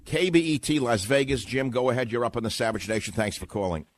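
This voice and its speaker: A man's voice: mid-range voice, fast, no room sound. A man from New York hosting a combative talk radio show, blunt and sarcastic with his callers. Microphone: studio microphone.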